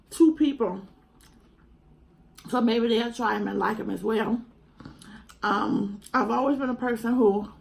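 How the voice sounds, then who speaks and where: A woman's voice: a little high, creaky, a little mellow, slight background noise, low-quality recording. A young woman, earnestly and chattily talking to camera at home in a vlog. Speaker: mukbang vlogger. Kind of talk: casual heartfelt chat to camera.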